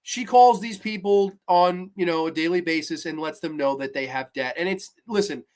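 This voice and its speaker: A man hosting a podcast, talking through a horror episode in a casual, animated way, with lots of restarts and blunt asides. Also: fairly high pitch, moderate pace. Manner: animated and chatty, many restarts, asks "right?". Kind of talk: casual spoken review.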